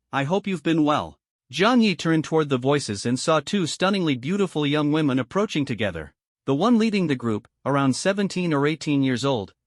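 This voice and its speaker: A man narrating a comic story recap in a smooth, scripted reading. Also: a little high, no echo, clean studio sound.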